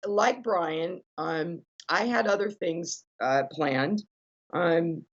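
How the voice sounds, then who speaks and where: A woman's voice: fairly low pitch, extremely slow, muffled recording. A woman, a guest rock musician, chatting casually and filling her talk with "you know" and restarts. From United States. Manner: chatty, many fillers and self-corrections. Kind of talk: casual conversation.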